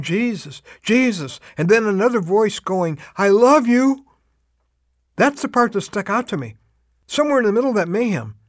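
A man hosting a spoken radio devotional, telling a story earnestly and slowing down to stress each urgent call to action. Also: fairly high pitch, no room sound, clean studio sound. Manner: heartfelt, emphatic storytelling.

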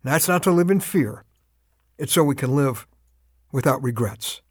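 A man hosting a spoken radio devotional, telling a story earnestly and slowing down to stress each urgent call to action. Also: mid-range voice, expressive, husky, no room sound, clean studio sound. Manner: heartfelt, emphatic storytelling.

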